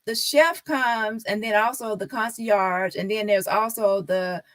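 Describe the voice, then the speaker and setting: A woman's voice: medium pitch, a little slow, fairly bright tone, no room sound. A woman on a live stream talking casually and insistently to her viewers, repeating her points.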